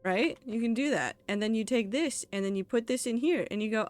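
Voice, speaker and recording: A woman's voice: on the high side, a little fast, a little mellow. A woman streaming a game, chatting casually and rambling with lots of fillers. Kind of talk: casual live-stream chat while gaming.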